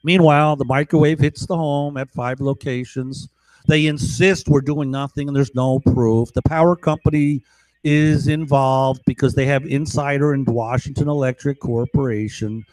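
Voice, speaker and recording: A man's voice: mid-range voice, steady tone, normal speed, darkish tone, no echo, low-quality recording. A man at home talking into a microphone in a rambling, agitated live monologue, swearing and repeatedly checking in with "right?" and "okay?". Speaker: livestreamer. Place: at home, indoors.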